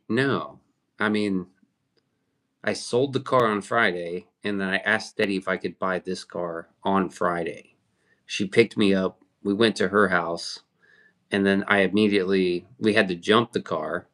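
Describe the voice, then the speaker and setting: Low-voiced man rambling on a livestream. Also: a bit bright. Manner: rambling, profane, answers chat. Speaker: livestream host. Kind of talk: casual livestream chat.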